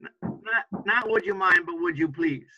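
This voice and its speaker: A man's voice: high voice, normal speed, muffled recording, noisy background. A man teaching an English class to students, patiently repeating example phrases and often checking understanding with "right?".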